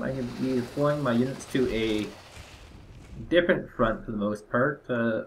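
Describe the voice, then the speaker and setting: A medium-pitched young man gives casual let's-play commentary on his own strategy game run, rambling, hesitant and heavy on fillers. A little hiss or hum is audible.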